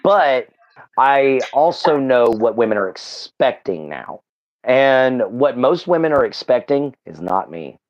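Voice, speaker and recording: A man's voice: mid-range voice, very animated, a little slow. A man with a Southern Texan drawl chats on a livestream, earnest and meandering, leaning on fillers and restarting his sentences. His voice comes through slightly muffled, a little dull at the top end. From Southeast Texas. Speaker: livestream guest. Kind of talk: casual chat.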